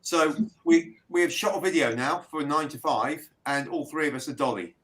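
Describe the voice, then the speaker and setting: A man's voice: fairly high pitch, normal speed, a bit bright, poor audio. A man from Britain, a band member chatting casually and telling stories with a laugh. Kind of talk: casual chat.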